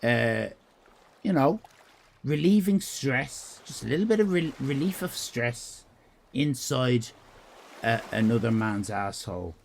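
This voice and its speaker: A man's voice: medium pitch, expressive, slow, creaky, slight background noise. A man with an Irish accent chatting casually on a live stream while drawing. He talks in a crude, rambling, irreverent way and reads out comments from chat. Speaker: livestreamer.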